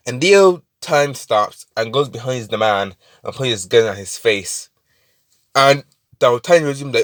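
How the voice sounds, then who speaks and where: A man's voice: medium pitch, animated, moderate pace, no room sound, studio quality. A young man casually improvising a story, rambling and swearing, full of fillers and restarts.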